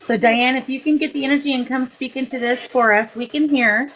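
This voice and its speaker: A woman's voice: high-pitched, fairly even intonation, fairly quick, a bit bright, a little hiss or hum, low-quality recording. A woman hosting a live-stream psychic session as a medium, calling spirits with endearments and speaking into a phone. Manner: coaxing, affectionate, talks to spirits with endearments.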